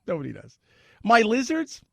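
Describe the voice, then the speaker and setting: A man hosting a talk radio show, giving an opinionated monologue in an animated, sarcastic way, often laughing. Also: high-pitched, normal speed, creaky, breathy edge, no echo.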